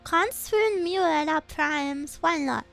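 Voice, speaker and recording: A woman's voice: high voice, slow pace, creaky, a bit bright, soft background music. A woman streamer in a casual live chat, earnestly encouraging her viewers and getting a little choked up. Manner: gets choked up and emotional.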